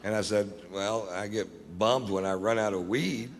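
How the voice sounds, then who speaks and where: A middle-aged man doing stand-up, telling stories in a blunt, profane, deadpan way. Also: lowish voice, normal speed, background noise. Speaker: stand-up comedian. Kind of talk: stand-up comedy storytelling. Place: live comedy venue. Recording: live hall with reverb, faint ambience.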